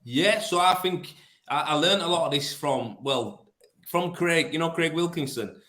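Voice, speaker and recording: A man's voice: a little high, a little slow, bright, forceful tone. A man with a broad Yorkshire accent, a plasterer telling blunt stories in a casual interview, full of restarts and fillers. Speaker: plasterer and business owner. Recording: roomy echo.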